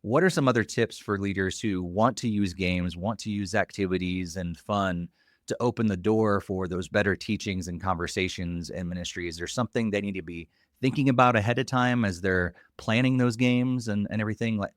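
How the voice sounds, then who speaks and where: A man's voice: fairly low pitch, fairly quick, dry recording, clean studio sound. A man hosting a podcast interview, affirming his guest often and asking thoughtful follow-up questions. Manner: affirming listener, frequent "mm" and "yeah". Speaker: podcast host.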